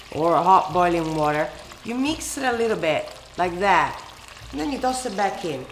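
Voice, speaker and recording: A woman from Italy with an Italian accent, hosting a casual cooking tutorial and answering questions in an expressive, emphatic way. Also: lowish voice, noisy background. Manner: expressive and emphatic, lingers on words. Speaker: cooking show host.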